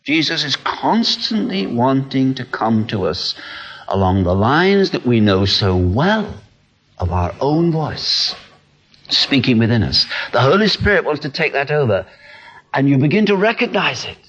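A male preacher, earnest and animated as he acts out the little voices in people's heads. His husky voice rises and falls widely. The recording is dull and lo-fi. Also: mid-range voice, measured pace. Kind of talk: sermon. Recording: dull lo-fi sound.

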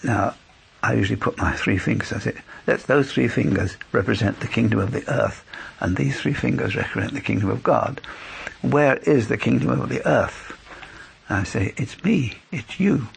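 A man's voice: mid-range voice, normal speed, creaky, breathy edge. A man teaching a church group how to share their faith, earnest and anecdotal, acting out both sides of conversations. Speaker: lay preacher teaching evangelism. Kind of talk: instructional church talk.

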